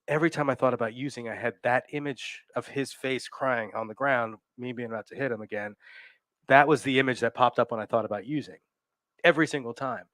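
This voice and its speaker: A man hosts a frank conversation about recovery, speaking in a halting way with many fillers and repeated words. His voice sits in a middle register. The sound is dry and close. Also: mid-range voice, fairly bright tone, no room sound. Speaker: host. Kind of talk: candid recovery talk.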